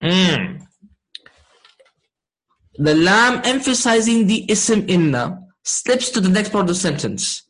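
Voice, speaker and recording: A man teaching a class, explaining slowly and checking in with his students often. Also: sits high, very animated, fairly bright tone, low-quality recording. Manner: slow, deliberate explaining. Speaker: Arabic grammar teacher.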